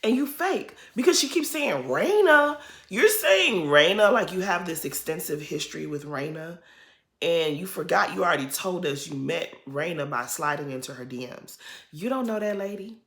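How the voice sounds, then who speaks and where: A woman's voice: lowish voice, expressive, moderate pace, fairly bright tone, roomy sound. Sassy woman recapping reality TV. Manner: blunt, sassy, opinionated. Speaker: reality TV commentator. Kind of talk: casual recap commentary.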